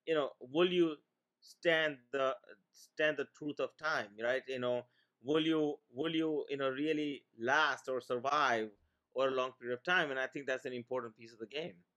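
A man's voice: medium pitch, fairly even intonation, normal speed, fairly bright tone, highs cut off. A middle-aged man from India, a financial planner, talking as a guest in a casual interview, rambling with many restarts.

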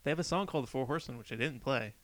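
A man's voice: medium pitch, very fast, fairly bright tone, no echo. A man co-hosting a casual chat, laid-back and knowledgeable, with hesitant fillers. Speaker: podcast co-host.

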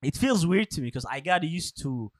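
A man's voice: fairly high pitch, moderate pace, no room sound. A young man co-hosting a casual podcast, swearing freely and laughing as he tells stories. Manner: swears freely, laughs often, animated storytelling. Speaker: podcast co-host.

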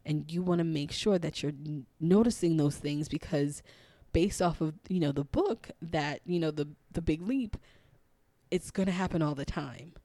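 A young woman with a raspy, hoarse voice talks through her thoughts on a solo podcast. She is earnest and encouraging, often pausing with "um" and restarting sentences. The sound is dry and close, with no room around it. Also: deep voice, dark tone, dry recording. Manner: earnest, encouraging, thinking aloud with many "um"s and restarts. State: hoarse, partly lost voice. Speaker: podcast host and spiritual coach. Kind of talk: reflective solo podcast monologue.

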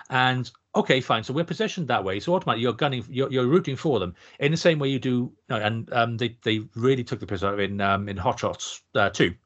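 Quick-talking male podcast co-host, profane and ranting, on dull lo-fi audio. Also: medium pitch, a bit bright. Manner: fast, sweary ranting. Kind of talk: casual film review chat.

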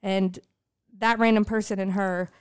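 A woman's voice: mid-range voice, steady tone, measured pace, clear, resonant tone. A young woman co-hosting a podcast in casual chat, rambling and self-mocking, swearing freely. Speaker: podcast co-host.

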